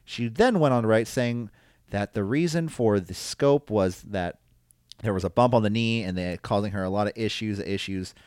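A man with a somewhat low voice chats in a joking, excitable way and tosses in goofy asides. The recording is dry and close-miked, with no room sound. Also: normal speed, clean tone, dry recording. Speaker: podcast co-host. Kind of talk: casual chat.

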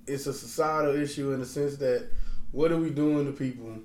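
A man's voice: mid-range voice, fairly even intonation, a little fast, darkish tone. A man talking bluntly in a casual chat, swearing freely and rambling with restarts. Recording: roomy echo, faint background noise.

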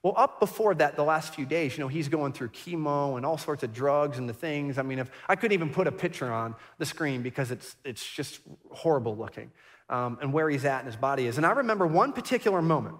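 A man's voice: fairly high pitch, animated, a little fast, big-room sound. A middle-aged man, a pastor, preaching a sermon and telling a personal story in an earnest, reflective way, often repeating and restarting his words. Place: church sanctuary.

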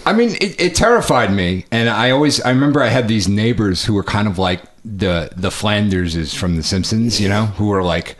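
A man co-hosting a podcast, telling dry deadpan jokes in casual banter. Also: fairly low pitch, moderate pace, hardly any pauses. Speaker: podcast co-host.

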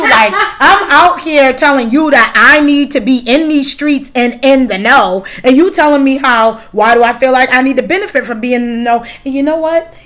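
A woman's voice: high-pitched, fairly bright tone. Candid swearing woman, casual chat. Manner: candid, swears freely, lots of fillers. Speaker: podcast host.

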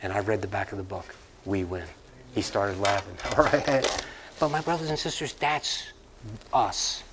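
A man's voice: on the low side, a little slow, background noise. A man from the Northeastern United States preaching a sermon to a church congregation, telling stories casually, repeating lines for emphasis and moving into a closing prayer. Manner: conversational storytelling preacher who laughs and repeats lines for emphasis. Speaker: pastor. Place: church sanctuary.

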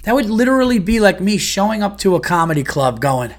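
A man's voice: high-pitched, sing-song, a little fast, hardly any pauses. A comedian and podcast host ranting in a heated, profane, exasperated monologue about his day.

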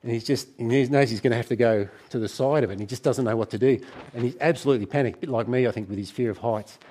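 A middle-aged man preaching a sermon to a church gathering, conversational and warm in tone, with frequent restarts. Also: medium pitch, fast talker.

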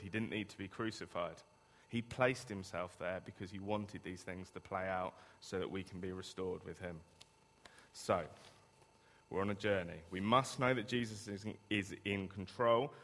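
This man's voice is lowish and fairly bright as he preaches conversationally, regularly turning rhetorical questions on his audience. A long hall reverb surrounds the recording.

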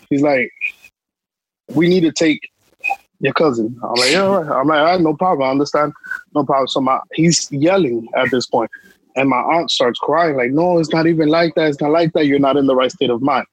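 A man's voice: a little high, normal speed, breathy edge, muffled recording. A young man, telling a long personal story on a podcast in emphatic street slang. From New York. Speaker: podcast co-host. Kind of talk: casual storytelling chat.

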